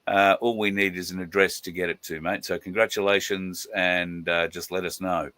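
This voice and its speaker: A very low-voiced man hosts a casual live stream, rambling warmly through viewer shout-outs with lots of "uh" and "um". His voice sounds dry and close, with no room sound around it. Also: level tone, dry recording. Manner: chatty, greets viewers by name, drawn-out fillers. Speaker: livestream host.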